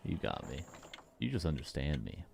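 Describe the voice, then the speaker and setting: A man with a very low voice that still swings up and down a lot casts game replays live. He jokes with his viewers between plays. A faint noise sits under his voice. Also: huge pitch swings, moderate pace, creaky. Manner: joking, playful, chats with viewers. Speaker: caster.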